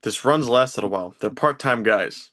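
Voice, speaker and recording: A man's voice: mid-range voice, lively intonation, moderate pace, fairly bright tone, no room sound. A man co-hosting a podcast in casual wrestling chat, blunt and laughing often, swearing freely. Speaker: podcast co-host.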